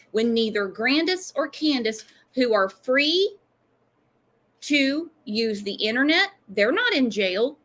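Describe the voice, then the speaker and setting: A woman's voice: sits high, a bit bright. A woman hosting a true-crime livestream, talking in an emphatic, pointed way. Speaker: host.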